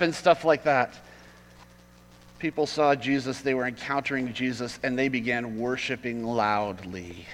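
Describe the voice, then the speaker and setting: A man preaching a sermon as pastor, swinging from loud emphatic peaks to quiet asides. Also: mid-range voice, fairly even intonation, moderate pace, in a large hall, low-quality recording.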